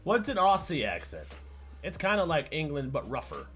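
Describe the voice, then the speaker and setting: A man's voice: a little high, wildly swooping pitch, moderate pace, a bit bright, slightly rough, soft background music. A man livestreaming and chatting casually with his viewers, rambling, stammering and repeating words, laughing often and getting sidetracked.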